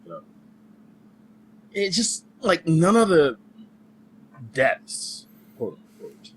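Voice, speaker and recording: A man's voice: a little high, wildly swooping pitch, extremely slow, breathy edge, low-quality recording. A man guesting on a podcast, speaking casually and hesitantly, often trailing off.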